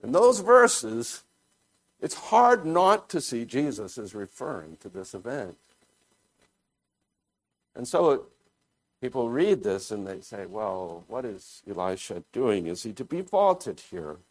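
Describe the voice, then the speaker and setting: A man preaching a sermon, deliberate and thoughtful, often pausing and restarting his phrases as he explains scripture. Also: medium pitch, sing-song. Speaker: pastor.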